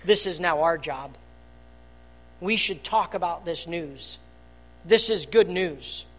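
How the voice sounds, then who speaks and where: A pastor giving a sermon in a church, earnest, moving between soft, hushed passages and loud, emphatic ones. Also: medium pitch, takes it slowly. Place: church hall.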